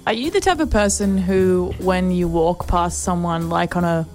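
A woman's voice: lowish voice, moderate pace, a little mellow, faint music behind. A woman co-hosting a comedy radio show, chatting and asking playful questions.

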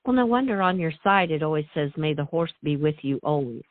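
A woman hosting a casual interview, gushing with praise and laughing softly, heard over call audio. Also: low voice, animated, fairly quick, dry recording. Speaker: interview host. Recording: tinny phone-like call audio, dry.

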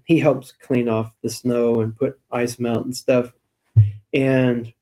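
A man co-hosting a weekly church podcast, with a mellow, darker tone. He talks in an easygoing, chatty way and tells stories with light laughs. His pitch sits in the middle range. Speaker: church staff podcast co-host. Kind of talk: casual church podcast chat.

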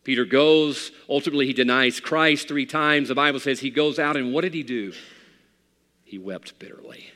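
A man preaching a sermon as pastor, swinging from hushed, quiet passages to loud, fervent outbursts. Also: medium pitch, moderate pace. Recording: long hall reverb.

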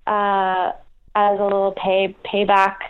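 A woman's voice: mid-range voice, completely flat delivery, takes it slowly, clean tone. An American woman guest on a phone interview, self-deprecating, laughing often and restarting her sentences. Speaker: comedian guest. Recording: tinny phone line.

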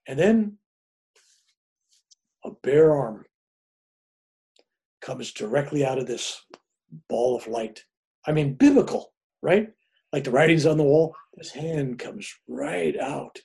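An older man, a reverend appearing as a guest, tells a long personal story casually and animatedly, acting out the voices of the people in it. His voice is on the high side, gravelly and husky, unhurried, with long pauses.

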